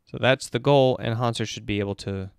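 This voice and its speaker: Smooth-voiced man breaking down game replays. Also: mid-range voice, brisk, no echo, clean studio sound. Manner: analytical, animated, breaks down plays step by step. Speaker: esports performance coach. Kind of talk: casual game-replay commentary on a stream.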